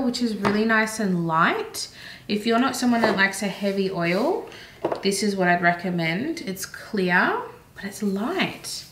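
A woman's voice: mid-range voice, expressive, unhurried, noisy background. An Australian woman chatting casually and enthusiastically through a beauty product haul, with rambling asides. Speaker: beauty vlogger. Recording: roomy echoey room.

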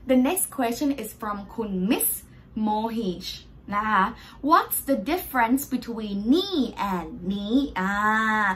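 A woman's voice: on the high side, fairly bright tone. A young woman with a Thai accent, a Thai language teacher answering viewers' questions in a patient, step-by-step way. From Thailand. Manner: patient, explaining step by step with polite particles. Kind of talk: Q&A language lesson.

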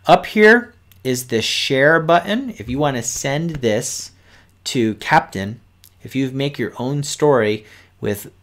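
Rich: A man hosting a kids' coding stream who talks at an unhurried, deliberate pace. He explains each step patiently, checks in with the viewers, and keeps a mid-range voice for the whole lesson. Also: medium pitch, animated, a bit bright.

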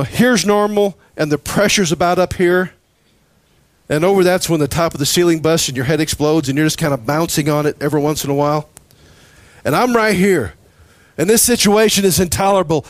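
A man preaching a sermon, telling stories with laughs and acting out prayers in a lively way. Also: high-pitched, dry recording. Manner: animated storytelling with laughs and acted-out prayers.

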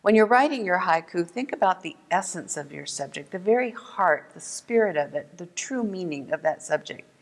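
A gentle, clear woman leads a lesson for children, slowing down to sound out each word. Her voice sits a little low for a woman, and it rings with a long echo around the room. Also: expressive. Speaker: museum art educator. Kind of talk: instructional video lesson for kids.

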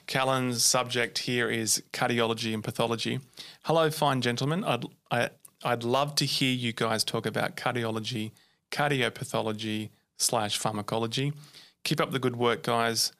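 A man's voice: mid-range voice, steady tone, normal speed, a bit bright. A man co-hosting a casual podcast, dropping dry, wisecracking remarks. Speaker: podcast co-host. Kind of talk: casual chat.

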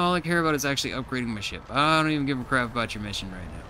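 A man's voice: mid-range voice, expressive, very fast, bright, forceful tone, slight background noise. A man giving casual let's play commentary as he plays, chatty and talking to himself, with frustrated outbursts. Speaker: gameplay streamer.

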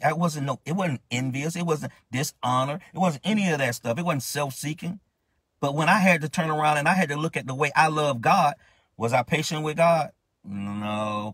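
A man's voice: fairly high pitch, moderate pace, fairly bright tone, husky, no room sound. A man ministering, preaching a sermon in a fervent, questioning way with many restarts.

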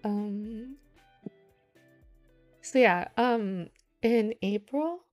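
A woman's voice: a little high, drawn-out words, a little mellow, faint music behind. A young woman livestreamer talking casually and rambling with lots of fillers, greeting chat, at times close to tears. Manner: rambling, filler-heavy, reads chat aloud. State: near tears.

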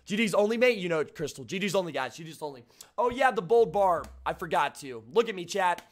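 A man's voice: sits high, expressive, quick pace. A young man streaming a video game live, chatting with his viewers, greeting them by name and repeating himself when flustered. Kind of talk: live gameplay commentary to chat.

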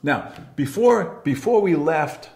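An older man, interviewed about his past, tells a candid story bluntly and profanely, often restarting his sentences. His voice is on the high side with lively intonation, a slow pace, vocal fry, and a darkish tone. The room adds a noticeable echo.

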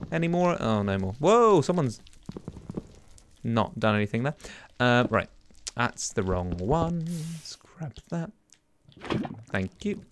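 A young man, chatting casually to himself as he plays a game, rambling and breaking into sudden excited exclamations. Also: medium pitch, slight background noise. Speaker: let's play gamer. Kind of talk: casual gameplay commentary.

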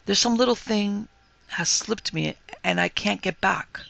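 A man's voice: high-pitched, a little slow, creaky, bright, forceful tone, no echo, pitched above the performer's own voice, full character voice. A man voicing a timid, awkward young male ghost who speaks meekly and apologetically. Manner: meek, apologetic, subdued.

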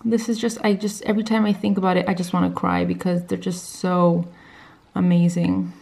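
A woman's voice: on the low side, little pitch movement, moderate pace, vocal fry, a little mellow. A young woman vlogging casually to camera about her fitness competition, chatty and emotional.

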